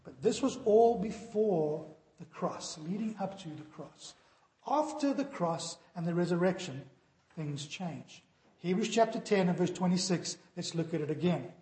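A man's voice: high-pitched, lively intonation, a little slow, a little mellow. A man preaching a sermon earnestly, his voice sinking solemn on warnings, in a church hall. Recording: echoey hall.

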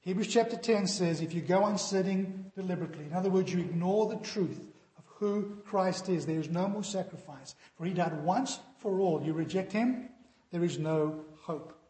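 A man's voice: high voice, normal speed, dark tone. A man preaching a sermon earnestly, his voice sinking solemn on warnings, in a church hall. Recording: echoey hall.

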